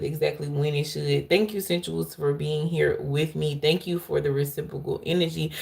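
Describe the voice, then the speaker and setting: A woman giving a live tarot reading to her viewers, excitable and laughing loudly as she calls out to them. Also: low-pitched, creaky. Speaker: tarot reader.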